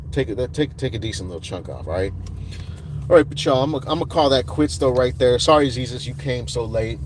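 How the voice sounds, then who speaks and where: A man's voice: lowish voice, a little mellow, a little hiss or hum. A man hosting a casual livestream outdoors at night, rambling with many fillers and greeting viewers by name. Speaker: livestream host.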